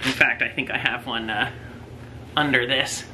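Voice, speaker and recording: A young adult man telling stories at length in a casual couple's quiz chat, full of drawn-out asides. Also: mid-range voice, fairly even intonation, background noise. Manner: rambling storyteller, drawn-out asides. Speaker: husband co-host.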